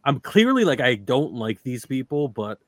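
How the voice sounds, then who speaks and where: A man's voice: mid-range voice, normal speed, no echo. A man playing a tabletop horror game, talking casually and chattily with lots of "like". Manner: lively, chatty, full of "like". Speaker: player. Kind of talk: casual role-play chat.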